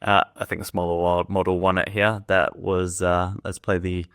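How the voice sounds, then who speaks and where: A man hosting a tech video, giving relaxed, tentative verdicts in casual commentary and calling his own reading voice monotone. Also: sits low, normal speed, smooth, dry recording, clean studio sound.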